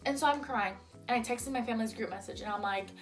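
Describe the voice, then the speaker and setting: A young woman chats her way through a storytime vlog, her voice sitting a bit high. She sounds a little tipsy and keeps dropping "like" as she acts out what people said. Soft music plays faintly behind her. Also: fast. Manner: chatty, lots of "like", acts out quotes. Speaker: vlogger. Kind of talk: storytime vlog, casual chat.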